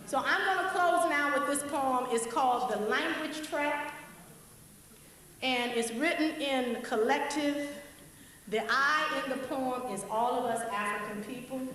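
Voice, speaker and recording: A woman giving a public lecture, speaking in a deliberate, emphatic way before reading a poem. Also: high voice, fairly bright tone, slight background noise. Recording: echoey hall from far off.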